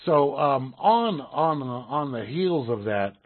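Husky-voiced man, halting podcast chat. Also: mid-range voice, animated. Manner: halting, stammers and repeats words. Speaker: podcast co-host. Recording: tinny phone-like lo-fi sound.

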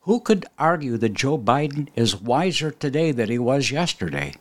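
A man's voice: mid-range voice, sing-song, moderate pace. A male talk show host giving a wry, sardonic monologue, reading quotes aloud and adding dry asides. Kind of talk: conversational political commentary monologue.

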